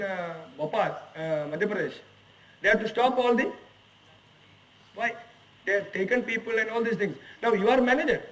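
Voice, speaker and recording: Speaking with an Indian English accent, a forties-aged HR executive lectures management students in a management institute's lecture hall, pressing them with emphatic rhetorical questions. His voice sits high with a fairly bright tone, recorded from a distant mic at low quality.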